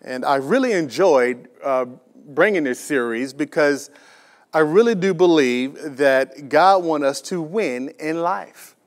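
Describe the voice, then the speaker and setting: A man's voice: animated, slow pace. A male pastor preaching a sermon who has his congregation repeat key phrases and builds in intensity as he makes his points. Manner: builds in volume and pitch as he presses a point.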